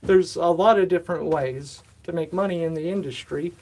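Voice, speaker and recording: A man in his thirties, slightly out of breath, rambles through a casual livestream chat. He fills his talk with asides and self-deprecating remarks. He talks from a warm, humid indoor room. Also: on the high side, normal speed. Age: 30s. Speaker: livestream host. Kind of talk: casual live-stream chat.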